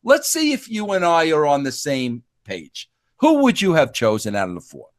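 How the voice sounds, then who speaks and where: High, lively-voiced male interviewer. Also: moderate pace. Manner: enthusiastic, eager, says "bro". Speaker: interview host. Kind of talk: casual interview chat.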